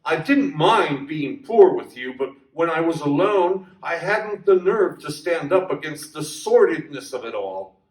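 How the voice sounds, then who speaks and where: A desperate young woman begs to be understood, as a man reading a story puts her on. The voice rises higher than the reader's own and is delivered slowly. It sounds roomy and distant from the mic. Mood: pleading. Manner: pleading, breathless. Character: distressed young woman pleading.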